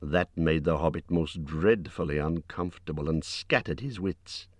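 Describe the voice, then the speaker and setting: A man narrating an audiobook in an expressive reading voice, lifting his pitch for character lines. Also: moderate pace, no echo. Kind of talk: scripted narration.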